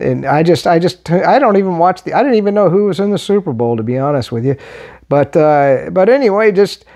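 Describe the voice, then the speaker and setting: An older American man doing rambling, casual political commentary as a vlog host, halting with many fillers and restarts, blunt in tone. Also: medium pitch, creaky, warm tone. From United States.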